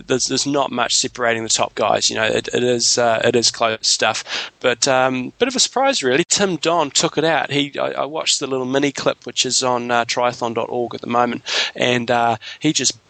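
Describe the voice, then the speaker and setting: A man's voice: mid-range voice, normal speed, vocal fry, sharp tone, no echo. A man co-hosting a podcast, talking casually and at length with lots of fillers and restarts. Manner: rambling, many fillers and restarts. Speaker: podcast co-host. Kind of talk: casual sports chat.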